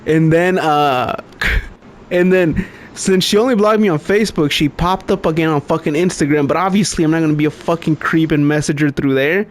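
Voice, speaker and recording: A young man on a casual podcast spins a rambling, swear-heavy story and laughs along the way. His voice sits a little higher than most men's. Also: moderate pace. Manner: profane, storytelling, laughs often. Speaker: podcast co-host. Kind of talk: casual chat.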